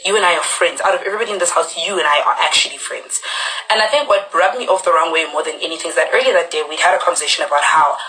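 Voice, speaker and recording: Bright-voiced woman recounting a quarrel. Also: racing, rough recording. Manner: animated storytelling, acts out quotes with sharp jumps in pitch. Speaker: reality show cast member on a live stream. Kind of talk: recounting a conflict on a live stream.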